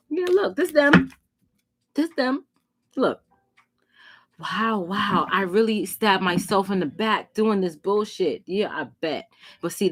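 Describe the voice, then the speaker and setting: A young adult woman giving a casual tarot reading, talking in a blunt, profane and animated way. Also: medium pitch. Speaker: tarot reader.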